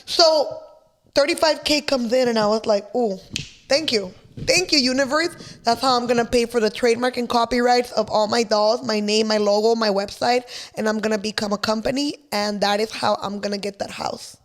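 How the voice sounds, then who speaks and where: A woman from with a fairly high voice. She tells her stories as a guest in a casual interview, brash and full of swearing. She mixes in Spanish words as she goes. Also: moderate pace. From East Los Angeles. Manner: brash, profane, animated storyteller mixing in Spanish words. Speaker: podcast guest.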